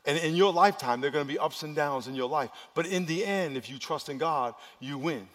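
A pastor preaches to his congregation, his voice sitting a little higher than most men's. He moves from loud, urgent stretches to hushed, intimate ones. The sound carries a long reverb from a large church hall. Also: brisk. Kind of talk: sermon.

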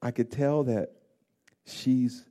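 A male pastor with a mellow, warm voice preaches a heartfelt sermon. He drops to a hushed, close tone, then rises to loud, pleading emphasis, and he repeats key phrases for weight. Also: medium pitch, fairly even intonation, slow. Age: adult parent of grown children.

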